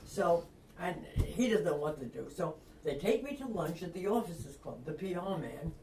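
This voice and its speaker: Here an older author from Long Island, speaking with the local accent, recounts a story during an interview, voicing the quotes and frequently laughing. She sounds warm and somewhat low, with lively intonation at a moderate pace, captured by a distant mic in an echoey room with faint noise.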